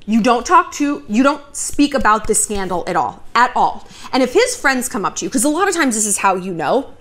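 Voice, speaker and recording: A woman in her thirties talking casually to camera, giving frank dating advice with swearing and quick story asides. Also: on the high side. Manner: chatty, swears freely, lively storytelling asides. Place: home near a river, outside noise.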